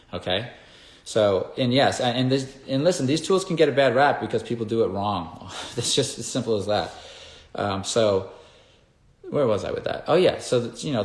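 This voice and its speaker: A man who works as a dog trainer, explaining in a casual, emphatic way and often checking in with "okay?" and "right?". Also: on the low side. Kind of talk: casual instructional talk. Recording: echoey room.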